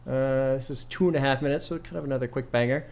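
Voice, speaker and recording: A man's voice: medium pitch, steady tone, quick pace, gravelly, darkish tone. Laid-back swearing man reacting to music. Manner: rambling, laid-back, swears often, laughs at own stories. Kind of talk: casual album reaction commentary.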